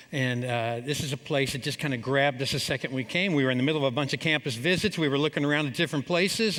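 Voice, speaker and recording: A man's voice: a little high, a bit bright. A middle-aged man giving a humorous chapel talk, telling family stories and acting out his parents' lines. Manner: storytelling, jokey, acts out his parents' lines. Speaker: chapel speaker. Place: large hall. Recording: long reverb of a large hall.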